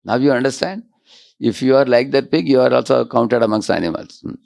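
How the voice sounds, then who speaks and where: A man giving a devotional lecture, often checking in with his audience with quick rhetorical questions. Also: mid-range voice, vocal fry, darkish tone, no room sound, clean studio sound. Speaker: spiritual lecturer.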